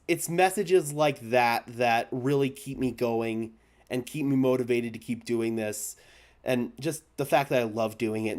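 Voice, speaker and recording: Young man, live-stream host, stammering, overwhelmed, hushed to shouting, casual chat. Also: mid-range voice. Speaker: fan channel host.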